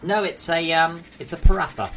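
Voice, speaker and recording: A man's voice: on the high side, moderate pace, vocal fry, sharp tone, a little hiss or hum. Chatty young English man streaming. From England. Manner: chatty, joking, swears freely. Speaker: game streamer. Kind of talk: casual live-stream chat.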